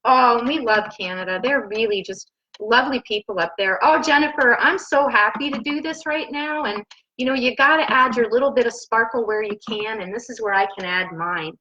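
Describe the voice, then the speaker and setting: Her voice is a little high, bright and forceful, and she talks fairly quickly. She's a bubbly home cooking live-streamer in her kitchen, laughing often and gushing as she chats with viewers. The laptop on the counter gives a lo-fi sound.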